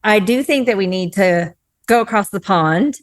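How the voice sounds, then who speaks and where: A woman's voice: mid-range voice, moderate pace, no echo. A woman co-hosting a podcast, enthusiastic and playful as she chats with her guest. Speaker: podcast co-host. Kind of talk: casual interview chat.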